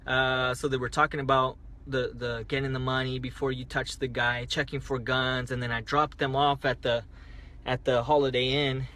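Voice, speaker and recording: A man's voice: medium pitch, level tone, moderate pace, pushed and bright. Rambling man on a phone livestream. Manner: rambling, repeats himself, restarts often. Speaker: livestreaming driver. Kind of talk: casual livestream storytelling. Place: parked car at night.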